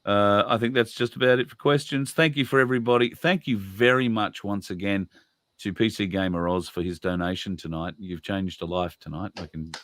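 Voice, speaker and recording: A man's voice: fairly low pitch, steady tone, a little fast, fairly bright tone. An Australian man hosting a live stream in a rambling, chatty way, laughing often. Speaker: host. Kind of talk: casual live-stream chat.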